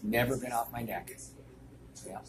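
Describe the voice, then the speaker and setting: A man's voice: mid-range voice, normal speed. An older man who runs a restaurant, telling anecdotes to an interviewer in a rambling way, full of fillers. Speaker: restaurant owner. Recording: noisy room ambience.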